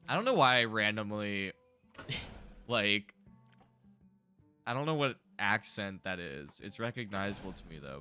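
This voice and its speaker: A man's voice: deep voice, sharp tone. A young man streaming a building game, casually thinking aloud and mumbling to himself as he works. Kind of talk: casual live gameplay commentary.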